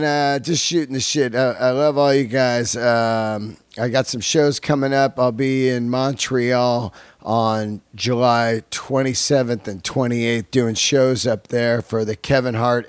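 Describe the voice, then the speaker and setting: A man's voice: medium pitch, clear, resonant tone, dry recording. A middle-aged man hosting a podcast in a loose, profane, laughing way. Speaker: podcast host. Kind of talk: casual monologue and interview.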